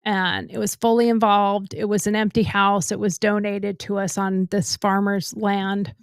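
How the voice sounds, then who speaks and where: A woman co-hosting a talk podcast, telling a personal story in a blunt, animated way. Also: medium pitch, unhurried, smooth, no room sound, studio quality. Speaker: podcast co-host. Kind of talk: casual storytelling.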